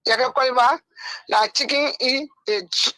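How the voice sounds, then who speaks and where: A woman's voice: sits high, unhurried, sharp tone, no room sound, low-quality recording. A woman caller, talking passionately and at length on a radio call-in line.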